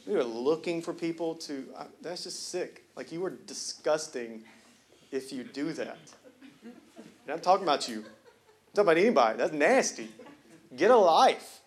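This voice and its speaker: Man, pastor, high voice, sermon, conversational and joking, emphatic, church. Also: expressive, normal speed, a little hiss or hum. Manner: conversational, joking, builds to loud emphatic preaching. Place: church sanctuary.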